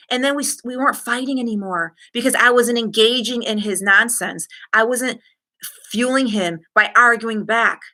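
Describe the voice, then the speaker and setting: A middle-aged woman talks straight to her live-stream audience in a candid, animated way. Her tone is bright and forceful, and she tells her story with quick asides to the viewers. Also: on the high side.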